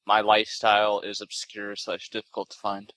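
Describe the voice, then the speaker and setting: A man playing in a tabletop role-playing game, explaining himself in a careful, drawn-out way. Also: lowish voice, completely flat delivery, a bit bright, no echo, poor audio. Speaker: player. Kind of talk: casual tabletop role-play.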